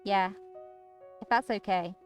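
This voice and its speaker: A woman's voice: mid-range voice, slow, soft background music, natural voice. A woman reading the part of a troubled young man with lost memories, hesitant and uneasy as she narrates in his first person. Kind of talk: reading a visual novel aloud.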